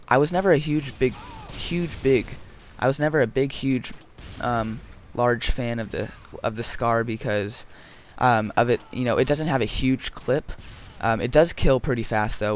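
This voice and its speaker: Joking and drifting off on tangents, a male gaming commentator with a medium-pitched voice keeps up rambling, casual commentary peppered with ums. A faint hiss or hum sits under the audio.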